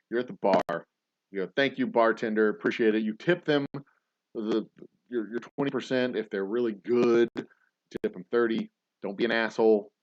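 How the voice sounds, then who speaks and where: A man with a lowish voice chats loosely on a livestream, wandering off on tangents with sarcastic, profane asides. The sound is muffled and lo-fi, and the voice sits close and dry with no room echo. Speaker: host. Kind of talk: casual livestream chat.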